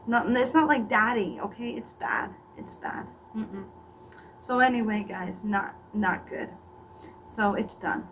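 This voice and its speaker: A woman's voice: medium pitch, a little slow, fairly bright tone. A middle-aged woman doing a rambling, gossipy comedic character monologue, often stumbling into stammered restarts. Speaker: comedian playing a faded former child actor. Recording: distant mic with faint background noise.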